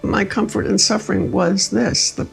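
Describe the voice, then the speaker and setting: An older woman, a guest, telling personal stories in an expressive conversational way and acting out the words she quotes. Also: mid-range voice, normal speed, gravelly, faint music behind. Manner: expressive, acts out quoted speech. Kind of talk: conversational storytelling.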